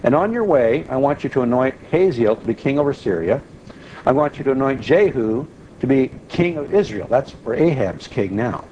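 A man's voice: mid-range voice, expressive, moderate pace, warm tone, muffled recording, a little hiss or hum. A man teaching an informal Bible study in a loose, conversational way, with frequent restarts and asides.

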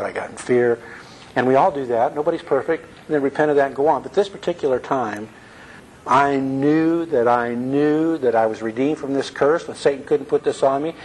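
A man's voice: mid-range voice, darkish tone, low-quality recording. Earnest man preaching, light hiss. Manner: earnest, asks the audience questions. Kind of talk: conversational sermon.

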